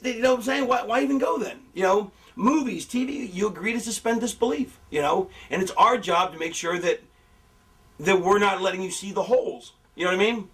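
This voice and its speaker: Animated man, high voice, a bit off-mic. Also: quick pace, far from the mic. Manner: animated, acts out fan reactions in a higher voice. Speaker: former wrestler talking about booking. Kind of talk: casual rambling storytelling with profanity.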